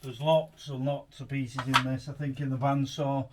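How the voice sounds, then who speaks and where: A man's voice: mid-range voice, level tone, normal speed, heavy background noise. A man chatting casually in his home garage as he unboxes and reviews a tool, rambling and thinking aloud as he goes. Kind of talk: casual chat while unboxing.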